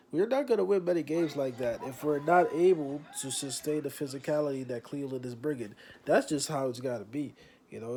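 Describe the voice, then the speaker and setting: Young male fan vlogger, congested from a cold, warm and mellow tone, laid-back delivery. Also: mid-range voice. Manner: laid-back, repeats "you know what I'm saying". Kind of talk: casual fan commentary to camera.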